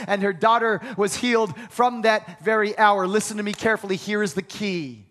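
Male pastor, emphatic and repetitive sermon delivery with call-and-response, high voice, long church-hall reverb. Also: steady tone, brisk, hardly any pauses, a bit bright. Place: church sanctuary.

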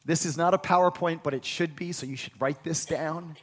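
A pastor preaching a sermon to a congregation, emphatic, leading them in call-and-response. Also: male voice, a little high, steady tone, fairly quick, hardly any pauses. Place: large church sanctuary. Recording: long hall reverb.

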